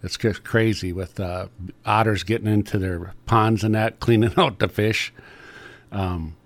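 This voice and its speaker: A man's voice: on the low side, steady tone, a little slow. A middle-aged man, a trapper chatting on the radio in a folksy, rambling way with many fillers. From Upper Peninsula of Michigan. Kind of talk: casual radio chat.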